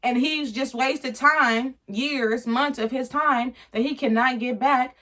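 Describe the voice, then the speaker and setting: A woman's voice: high voice, fairly even intonation, slow pace, bright, forceful tone. Blunt, slangy woman reviewing TV. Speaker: reality TV reviewer. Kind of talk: casual review commentary.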